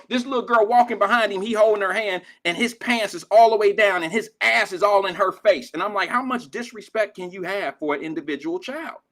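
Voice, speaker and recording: Older male radio host, slightly high voice, loose profane street-slang monologue. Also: a bit bright. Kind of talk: casual talk radio monologue.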